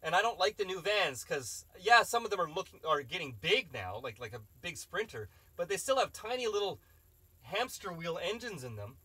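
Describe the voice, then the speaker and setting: A man's voice: high voice, very animated, moderate pace, bright, forceful tone, breathy edge, no room sound. A man hosting a live stream, reading chat questions and rambling through opinionated casual answers.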